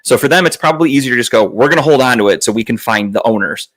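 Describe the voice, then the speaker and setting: Man, podcast host, casual story, exasperated, swearing, mid pitch, acts out quotes. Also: animated, rapid-fire, a bit bright, rough recording. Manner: acts out other people's lines in a raised voice.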